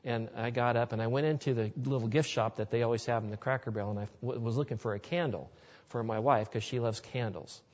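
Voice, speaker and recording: A man's voice: medium pitch, steady tone, fast, a little mellow. A man speaker telling personal stories in an earnest, folksy way during a sermon to a live audience. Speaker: Christian speaker. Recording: dull lo-fi recording in a reverberant hall.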